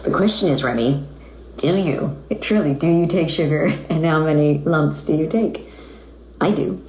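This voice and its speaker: Low, mellow American woman chatting casually while she signs, roomy sound. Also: normal speed, slight background noise. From United States. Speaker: voice actress signing autographs. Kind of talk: casual live-stream chat.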